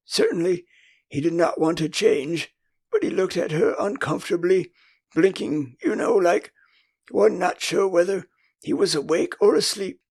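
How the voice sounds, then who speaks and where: Old english guy reading a kids classic, gravelly husky voice, lots of up and down. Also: high voice, unhurried. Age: older. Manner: expressive, storytelling. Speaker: audiobook narrator. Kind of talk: audiobook narration.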